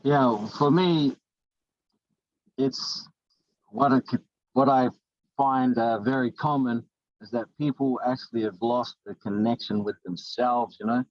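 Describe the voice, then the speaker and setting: A man's voice: medium pitch, unhurried, long pauses, dry recording, dull audio. A middle-aged man from New Zealand with a New Zealand accent, a life coach talking earnestly in a casual interview, often restarting his sentences. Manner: earnest, rambling with many restarts.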